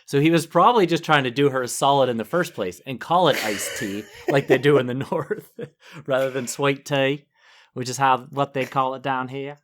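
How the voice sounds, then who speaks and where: Brief: male podcast co-host, chatty and amused, from the northern United States, average pitch. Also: moderate pace. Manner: chatty, laughs often. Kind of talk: casual podcast chat.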